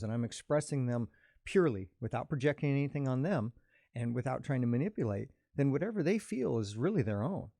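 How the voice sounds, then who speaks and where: A man in an earnest, reflective conversation about emotions, explaining his view calmly. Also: mid-range voice, no room sound, studio quality. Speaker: podcast host.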